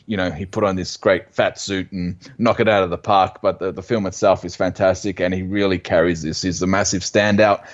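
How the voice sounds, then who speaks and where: A man with a lowish voice co-hosts a movie podcast in casual chat. He gives his picks at length, in an earnest way with plenty of fillers. The recording sounds a bit dull and muffled. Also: steady tone, fairly quick, few pauses. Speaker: podcast co-host.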